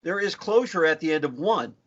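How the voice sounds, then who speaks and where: A man's voice: fairly high pitch, lively intonation, fairly quick. A man co-hosting a podcast, joking around and laughing easily, sometimes mock-solemn. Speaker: podcast co-host. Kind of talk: casual chat. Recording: dull lo-fi podcast audio.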